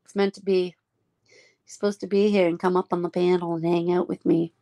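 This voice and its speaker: A woman's voice: fairly low pitch, flat delivery, brisk, warm tone. A woman hosting a casual live stream, chatting affectionately with friends and laughing often.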